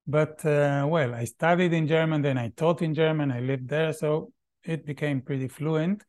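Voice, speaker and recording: A middle-aged man, a Hebrew speaker, speaking as a podcast guest in a thoughtful, halting way with many pauses. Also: on the high side, steady tone, a little mellow. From Israel. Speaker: guest, Feldenkrais practitioner. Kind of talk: podcast interview.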